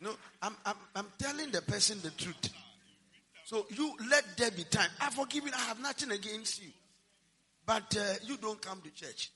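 A pastor preaches with a very high, sharply bright and slightly husky voice. He swings from hushed asides to shouted emphasis. His words ring out with the long reverb of a big hall. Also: lively intonation, normal speed. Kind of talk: sermon.

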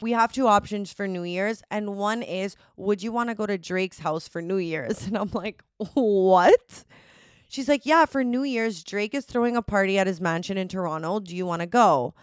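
Chatty young woman with a smooth voice. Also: medium pitch, no room sound, studio quality. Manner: chatty, dramatic, swears freely, laughs often. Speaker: podcast host. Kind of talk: casual solo podcast storytelling.

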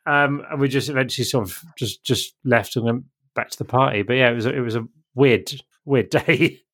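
Middle-aged guy rattling off an anecdote quick, doing everyone's voices. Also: mid-range voice. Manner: animated, acts out quoted voices. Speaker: podcast guest telling an anecdote. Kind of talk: casual storytelling.

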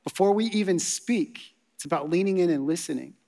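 A man's voice: high-pitched, brisk, vocal fry, dark tone. A man preaching a sermon as pastor, conversational and playful, often checking in with the congregation with "right?". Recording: long reverb of a large hall.

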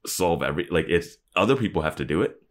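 A man co-hosting a casual podcast, recapping a TV episode with wry, animated asides. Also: deep voice, fast talker. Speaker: podcast co-host.

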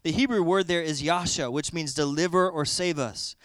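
A man's voice: on the high side, normal speed, a bit bright, dry recording. A man preaching a sermon, telling a story vividly and explaining word meanings to his listeners.

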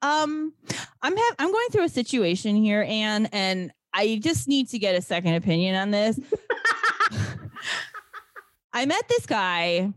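Woman co-host, sarcastic and profane, lively pitch, dry recording. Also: a little slow, pauses often, dry recording. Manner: sarcastic, swears, acts out characters' lines. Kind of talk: casual chat recapping a movie.

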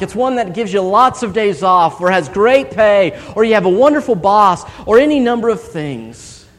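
A man preaching a sermon in church, telling stories and acting out quoted voices. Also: sits high. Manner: storytelling, animated quoted voices. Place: large church hall. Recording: long hall reverb.

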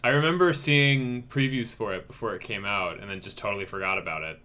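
A man's voice: lowish voice, fairly quick, sharp tone. A man chatting casually on a podcast, laid-back and tossing out dry wisecracks. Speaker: podcast co-host.

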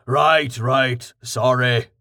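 A man voicing a huge, boisterous bearded warrior in armor, loud and hearty, in an audiobook. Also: mid-range voice, fairly even intonation, drawn-out words, full character voice. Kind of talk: audiobook character voice.

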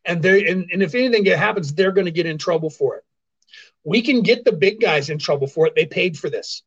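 A man's voice: sits high, a little fast, breathy edge, lo-fi sound. A man hosting a livestream, ranting in sarcastic casual commentary and repeating his points for emphasis. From California, US. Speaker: livestream show host. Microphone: phone.

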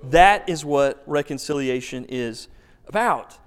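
A man's voice: medium pitch, expressive, a little slow. A man preaching a sermon as pastor, telling a story with emphasis and asking rhetorical questions. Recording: long reverb of a large hall.

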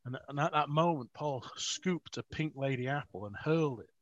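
A man's voice: a little high, normal speed, no room sound. A man, an author, telling rambling, self-mocking stories with frequent laughs in a casual interview. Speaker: author, guest. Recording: dry, dull lo-fi audio.

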